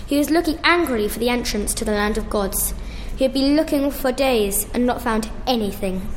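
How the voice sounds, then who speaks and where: A woman reading a storybook tale aloud, slowly and carefully, with small restarts. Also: on the high side, a little hiss or hum.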